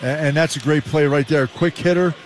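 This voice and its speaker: A Canadian former player, now a male color commentator, who breaks down basketball plays in a relaxed, explanatory way. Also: a little high, brisk, slight background noise. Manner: relaxed, explanatory, with frequent "uh" and restarts.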